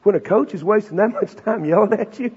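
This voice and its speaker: High-voiced preacher guy, husky, folksy and punchy, big hall echo on a dull recording. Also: a little fast. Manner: folksy, emphatic storyteller who builds to loud punchlines. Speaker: preacher and Bible professor. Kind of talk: sermon with personal stories.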